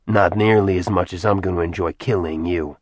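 A man's voice: low voice, fairly even intonation, brisk, slightly rough, no echo. A male narrator voicing a defiant male warrior who talks in a flippant, sarcastic way.

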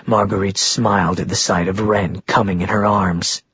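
Husky low male audiobook narrator. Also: fairly even intonation, moderate pace, a bit bright, highs cut off. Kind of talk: scripted narration of a romance novel.

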